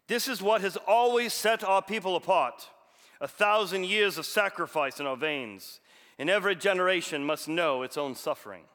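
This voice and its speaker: A man putting on a mock Russian accent to play a stern Soviet official, loud and commanding. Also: sits high, voice pushed up. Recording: long hall reverb.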